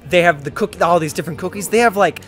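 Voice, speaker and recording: A man streaming a video game, joking, swearing and excited, a little drunk. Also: sits high, quick pace, soft background music. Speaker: gamer streamer. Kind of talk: casual let's-play commentary.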